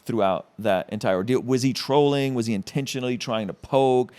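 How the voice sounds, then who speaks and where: A man's voice: medium pitch, brisk, darkish tone, clean tone. A man hosting a casual interview, asking direct questions. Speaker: interview host.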